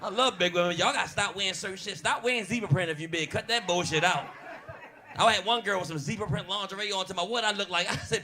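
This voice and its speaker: A man with a Baltimore accent doing a loud, brash, profane stand-up comedy set in a diner. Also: high-pitched, fast talker. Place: diner comedy show with live audience. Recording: noisy crowd in a diner. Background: audience laughter.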